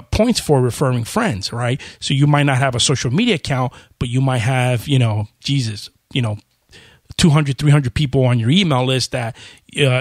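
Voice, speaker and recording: Fast, chatty male podcast host. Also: mid-range voice, no echo, studio quality. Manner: talks fast, chatty, with many fillers. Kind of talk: casual podcast outro.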